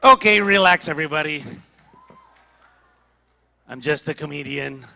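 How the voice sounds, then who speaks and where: A man's voice: on the high side, a little slow, creaky, pushed and bright, in a large hall. A man from Indonesia doing a stand-up comedy set on a ballroom stage, chatty and teasing the audience.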